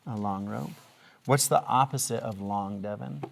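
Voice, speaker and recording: A woman with a strikingly deep voice and a gravelly edge leads young children through a reading lesson. She is patient and encouraging, and she keeps drawing answers out with steady questions. A faint hiss sits under the recording. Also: normal speed. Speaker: reading teacher.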